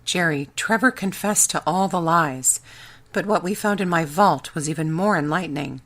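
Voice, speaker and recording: A woman's voice: on the low side, moderate pace. A woman narrator voicing a blunt, pushy male secret agent in an audiobook.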